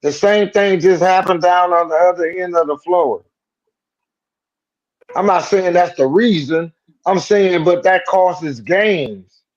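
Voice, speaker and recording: A man co-hosting a sports call-in show, talking in a loose, slangy, animated way and riffing on jokes. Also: high voice, takes it slowly, dull audio. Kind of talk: casual sports talk.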